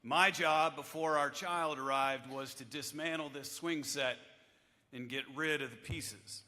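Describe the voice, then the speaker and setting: A man in his fifties, a chaplain giving a devotional address to lawmakers in a wry, measured storytelling manner, at a podium microphone in a large chamber. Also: on the high side, fairly even intonation, pushed and bright. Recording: echoey hall with long reverb.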